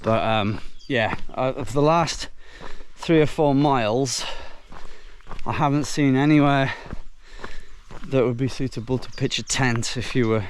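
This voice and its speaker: A man's voice: medium pitch, a little slow, slight background noise. A man from Britain, out of breath, chatting casually as he films himself hiking up a steep woodland trail and exclaiming at the views. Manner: chatty, exclaims at the scenery, puffing between remarks. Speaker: hiking vlogger. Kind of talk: casual walking commentary.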